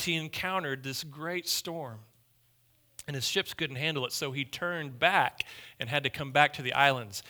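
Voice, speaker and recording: A man preaching a sermon as pastor, emphatic and repetitive, dropping to hushed lines and then rising loud. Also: fairly high pitch.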